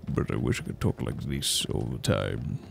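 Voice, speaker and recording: A man putting on a gravelly, menacing deep voice. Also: big pitch swings, exaggerated voice. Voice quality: gravelly, very low rumble. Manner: slow, drawn-out menace.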